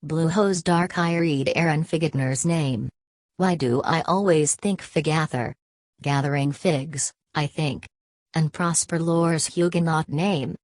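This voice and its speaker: A woman reading a literary audiobook in a measured, unhurried way. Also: low voice, darkish tone, no room sound. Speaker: audiobook narrator.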